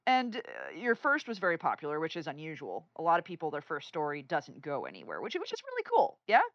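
A woman hosts a casual podcast, joking around before she turns to interview questions. Her voice leaps up and down in a lively way, and she sometimes sinks into a hushed tone for a gag. The recording is dry and a little dull. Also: low-pitched, quick pace, no room sound. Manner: playful, lively, drops to a hushed tone for jokes.

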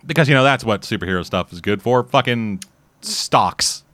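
Lively profane Canadian man chatting. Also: medium pitch, moderate pace, no room sound. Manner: rambling, profane, frequent restarts. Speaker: podcast host reviewing a series. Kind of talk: casual chat.

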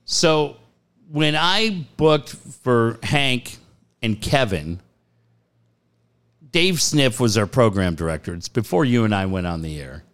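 A man hosting a sports radio show, telling profane, animated stories and laughing often. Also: medium pitch, takes it slowly, clean tone. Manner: profane, animated storyteller who laughs a lot. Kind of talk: casual sports radio banter.

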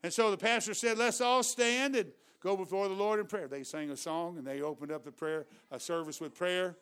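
Preaching a revival sermon with a drawl, a man speaks fairly quickly in a high, smooth, clear voice. He shifts from hushed storytelling to loud, fervent exhortation.

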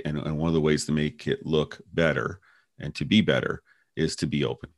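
A man's voice: extremely low pitch, fairly even intonation, fairly quick, no echo, clean studio sound. A man co-hosting a podcast, reflective and telling personal anecdotes in casual conversation. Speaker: podcast co-host.

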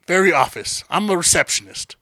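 A man's voice: high voice, animated, fairly quick, pushed and bright, no echo, clean studio sound. A man in his forties co-hosting a casual podcast, ranting and swearing with a sardonic edge. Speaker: podcast co-host.

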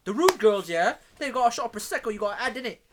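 A man's voice: very high-pitched, fast talker, background noise. A man telling stories in casual chat, full of slang and swearing. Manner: animated storyteller, heavy street slang and swearing.

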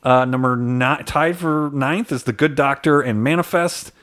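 A man's voice: medium pitch, moderate pace, fairly bright tone. A man from the Chicago suburbs with a slight South Side Chicago accent, co-hosting a podcast in rambling casual chat, often correcting himself mid-sentence. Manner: rambling, self-correcting, lists facts. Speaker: podcast co-host.

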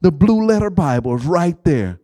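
A man preaching a sermon in call-and-response style, prompting the congregation to finish his lines and rising to shouts. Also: fairly high pitch, big pitch swings, normal speed, no room sound.

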